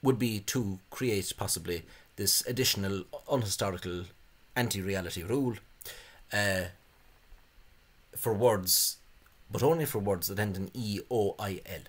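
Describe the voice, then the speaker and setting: A man's voice: lowish voice, unhurried, breathy edge. A man gives a spoken lecture on spelling, hesitant and full of fillers, with scornful asides. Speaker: language video host.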